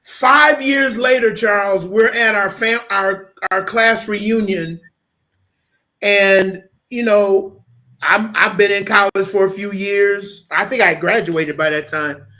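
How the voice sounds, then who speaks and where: A man, a pastor interviewed as a guest, telling a personal story in a lively conversational way and often checking in with "okay?". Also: sits high, takes it slowly. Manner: animated storyteller, repeats "okay?" for emphasis; switches into lively voices when quoting people.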